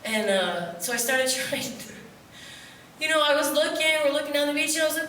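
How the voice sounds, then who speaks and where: A woman from upstate New York tells loose, joking stories full of asides, with a bright, fairly high voice. She is heard from a distance in a very echoey theater, and a faint hum of the room sits underneath. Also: brisk. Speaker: poet performing at a festival. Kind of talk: rambling comic stage storytelling. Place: theater stage before an audience.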